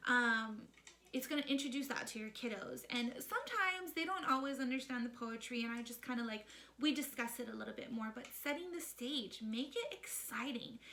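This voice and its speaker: Female vlog host, animated and emphatic, bright crisp tone, casual advice. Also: fairly high pitch, moderate pace, slight background noise. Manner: emphatic, chatty, often adds "okay?"; lively and animated. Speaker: parenting book-club host.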